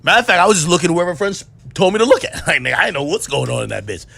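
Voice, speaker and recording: Animated high-voiced man telling a story. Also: very fast, creaky, breathy edge. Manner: animated, profane, acts out quotes. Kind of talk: casual storytelling.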